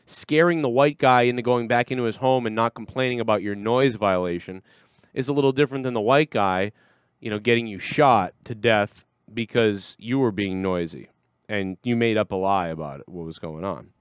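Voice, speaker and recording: A man's voice: on the low side, normal speed, clear, resonant tone, dry recording, studio quality. A man hosting a livestream show, talking casually and crudely, rambling and swearing often. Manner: rambling, crude, swears a lot, acts out voices.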